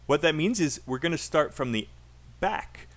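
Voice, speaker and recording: A man with a British accent leads a livestreamed pronunciation lesson, chatty and encouraging. He says sentences out loud, breaks them into short pieces and repeats each one so learners can follow the stress and rhythm. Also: fairly high pitch, expressive. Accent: British English. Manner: drills phrases by repeating them slowly for learners. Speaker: English speaking teacher.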